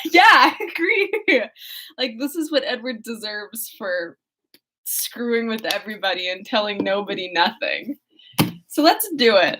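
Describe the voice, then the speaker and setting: A young woman with a bright, high voice, chatting in a bubbly, giggly way and reading aloud from a classic novel. Her talk is loose and full of fillers, friendly and eager. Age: young adult. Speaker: audiobook reader. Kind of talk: casual chat and reading aloud.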